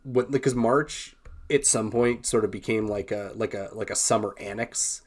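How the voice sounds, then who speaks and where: A man's voice: on the low side, normal speed. A man co-hosting a film podcast, chatting casually in a wry way with frequent laughs and rambling restarts. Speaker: podcast co-host. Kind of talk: casual chat.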